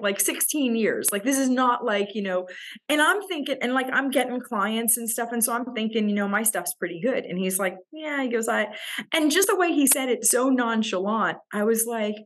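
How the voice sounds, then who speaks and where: A woman's voice: fairly high pitch, lively intonation, moderate pace. A woman leadership coach, a guest in a casual interview, who tells stories animatedly, often repeats words as she thinks, and laughs between thoughts.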